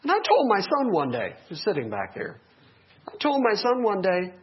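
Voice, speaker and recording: A middle-aged male pastor preaching a sermon, animated, with joking asides to the congregation. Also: high voice, moderate pace. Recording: dull lo-fi recording.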